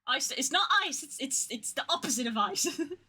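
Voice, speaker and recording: A woman streaming from home, chatting casually and getting excitable and gushing, with squeals and swearing. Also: sits high, fairly quick. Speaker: art streamer. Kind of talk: casual live-stream chat.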